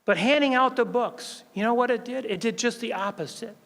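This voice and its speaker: Older male speaker with a very high, light voice. Animated storyteller at a prayer breakfast. Recorded on a stage mic in a big hall. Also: brisk. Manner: lively storyteller, acts out quoted voices and laughs often. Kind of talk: storytelling testimony speech. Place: large event hall. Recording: long hall reverb.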